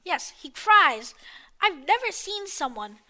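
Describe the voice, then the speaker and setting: A woman's voice: very high voice, big pitch swings, takes it slowly, sharp tone. A woman narrating a story in a chatty, exasperated, mocking way.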